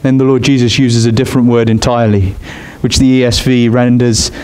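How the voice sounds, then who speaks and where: A man preaching a sermon in an expressive way. He climbs high in pitch on his emphatic points. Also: a little fast, clean tone.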